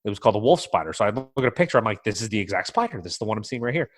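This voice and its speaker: A man's voice: on the low side, sing-song, rapid-fire. A man co-hosting a casual podcast from a remote computer mic, telling stories with lots of swearing and acting out his own alarm. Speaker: podcast co-host. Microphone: computer mic, remote call.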